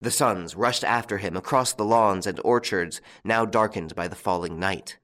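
A man reads a classic tale aloud in a steady, measured way. His voice sits low and even throughout. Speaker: audiobook narrator. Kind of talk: scripted narration.

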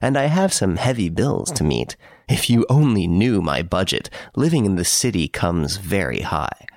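A man doing a smug, teasing gentleman thief. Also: sits low, very animated, moderate pace, no room sound, studio quality, exaggerated voice. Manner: urbane, teasing, playfully boastful. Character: suave, mocking gentleman thief in prison, male.

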